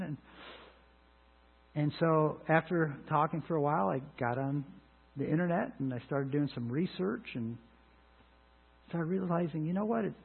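A middle-aged man preaching a sermon in an earnest way, rising to emphatic lines and dropping to quiet asides. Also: a little high, moderate pace, vocal fry, pauses often, husky, narrow, tinny audio. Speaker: pastor.

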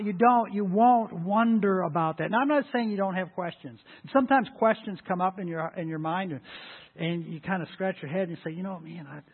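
A pastor preaching a sermon in a church, emphatic, stressing key words slowly and often restarting his phrases. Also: high-pitched, breathy edge. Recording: tinny phone-like church recording.

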